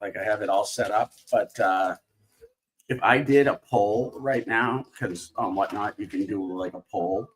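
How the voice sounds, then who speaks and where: Male stream host, lowish voice, loose and rambly, fillers everywhere, casual card-opening chatter. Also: measured pace. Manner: rambling, filler-heavy, self-interrupting. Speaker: live stream host opening trading cards. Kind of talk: casual live-stream chat.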